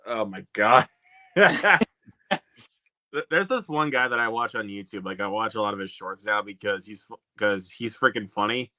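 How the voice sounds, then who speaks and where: A man's voice: on the low side, pushed and bright, dry recording. A man chatting casually on a video call, laughing often and hesitating with fillers. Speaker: host of a video call hangout. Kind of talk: casual chat.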